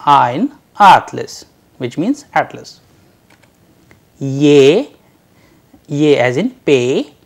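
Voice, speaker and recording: A language teacher giving a recorded lecture, drawing out each letter sound slowly and carefully for learners to repeat. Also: medium pitch, gravelly.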